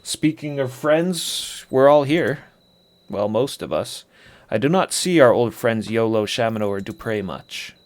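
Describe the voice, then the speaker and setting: A man's voice: medium pitch, expressive, unhurried, lightly acted. A man voicing a proud, boastful sword trainer. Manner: formal, old-fashioned speech.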